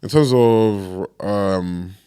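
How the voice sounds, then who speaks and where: A young man, co-hosting a podcast and telling stories with expressive delivery. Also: on the low side, extremely slow, clean tone, dry recording, clean studio sound. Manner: expressive storyteller, acts out quotes. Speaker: podcast co-host. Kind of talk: casual chat.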